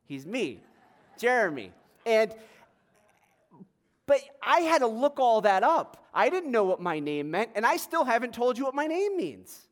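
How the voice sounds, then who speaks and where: A man's voice: very high-pitched, sing-song, measured pace. A male pastor with a tenor voice, preaching a sermon in a conversational way with light self-deprecating humor.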